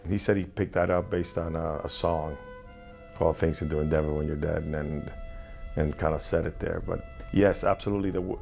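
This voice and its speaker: A man, an actor being interviewed, recalling anecdotes in a reflective, halting way with frequent restarts. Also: rumbling low, steady tone, vocal fry, darkish tone, soft background music.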